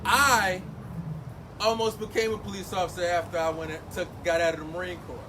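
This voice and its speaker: A man's voice: high voice, fairly even intonation, a little fast. A man speaking emotionally at an outdoor community forum, projecting his voice and addressing the crowd directly. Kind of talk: impassioned public speech. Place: outdoors at a street gathering. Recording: outdoor noise behind the voice.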